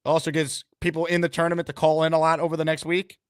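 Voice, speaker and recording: A man hosting a call-in show, announcing in a hyped way and quick to laugh. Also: on the high side, little pitch movement, smooth, no echo, studio quality. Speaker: host.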